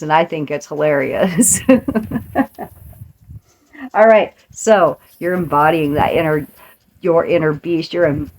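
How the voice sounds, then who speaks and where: Brief: middle-aged woman host, low-pitched, playful pep talk with frequent laughs. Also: darkish tone, slight background noise. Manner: playful, laughs often, slips into voices. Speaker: podcast host. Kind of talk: motivational monologue.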